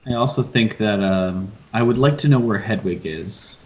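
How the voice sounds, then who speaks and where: A man playing in a tabletop game, casually thinking out loud. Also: fairly low pitch, moderate pace. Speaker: player. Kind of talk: casual chat. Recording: dull lo-fi sound.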